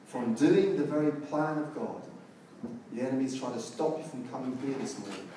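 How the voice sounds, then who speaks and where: A man preaching a sermon in a very echoey church hall, heard from some distance. He tells the story at an easy pace and rises to loud, emphatic peaks. Room noise is clearly audible behind him. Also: medium pitch.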